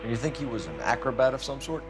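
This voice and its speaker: A man's voice: mid-range voice, sing-song, fast talker, over music, natural voice. An actor playing a stern young male police detective who speaks in a terse, businesslike way. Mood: calm, clipped.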